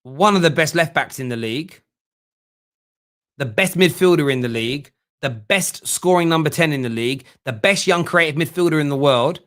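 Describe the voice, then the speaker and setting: A man's voice: on the high side, moderate pace, fairly bright tone. A young man hosting a casual football fan live stream, joking and reading viewers' comments aloud. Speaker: fan channel host.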